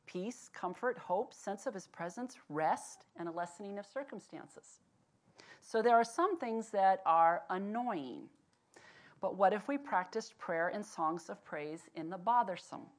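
Animated woman giving a devotional talk. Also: medium pitch. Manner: animated storyteller turning earnest and slow when exhorting. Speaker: devotional speaker. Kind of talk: devotional talk with personal story.

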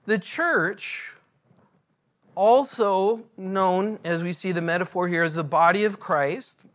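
Slow, earnest preaching man. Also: high-pitched, a bit bright. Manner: earnest, slow and deliberate, drawn-out phrases. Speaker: pastor. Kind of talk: sermon. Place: church.

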